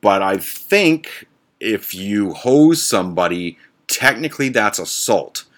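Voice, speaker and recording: Male podcast host, sweary exasperated storyteller, lively pitch. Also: slow. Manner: blunt, profane, exasperated. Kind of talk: profane ranting storytelling.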